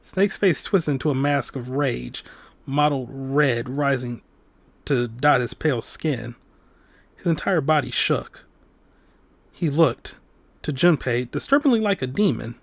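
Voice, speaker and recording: Casting: male let's-play host, steady mid-pitched reader of game narration. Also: unhurried, creaky, faint music behind. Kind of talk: reading a visual novel aloud.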